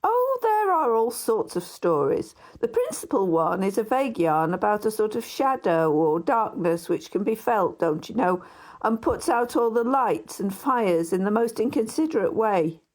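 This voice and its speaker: A woman voicing a gossipy male Victorian barrister neighbour in an audiobook, confiding and hushed at times. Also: medium pitch, very animated, moderate pace, natural voice. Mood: gossiping.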